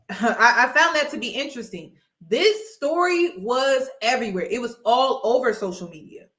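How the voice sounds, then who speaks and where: Woman vlogger, fairly high voice, echoey room, emphatic, casual commentary. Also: fairly bright tone. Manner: emphatic, repeats points, addresses viewers as y'all.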